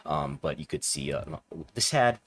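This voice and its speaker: Very low voiced guy cohosting a podcast, analytical, measured, thinks out loud, dry close mic. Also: animated, no room sound. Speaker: podcast co-host. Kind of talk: casual podcast chat.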